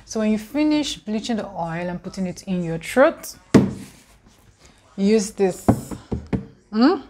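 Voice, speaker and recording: A woman giving a mock-serious tutorial in a chatty, deadpan comedy vlog style. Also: mid-range voice, unhurried, very noisy. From Nigeria. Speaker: vlogger.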